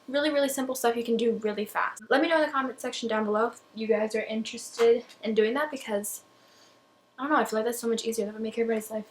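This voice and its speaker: A woman's voice: fairly high pitch, slight background noise, low-quality recording. A young woman talking through a makeup tutorial in a chatty, rambling, self-deprecating way, a little out of breath. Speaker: beauty vlogger.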